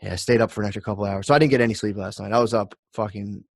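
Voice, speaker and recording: Fast-talking man. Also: on the low side, fairly even intonation, vocal fry, dry recording, clean studio sound. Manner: rapid, profane storytelling with sudden shouted quotes. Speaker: podcast co-host. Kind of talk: casual storytelling chat.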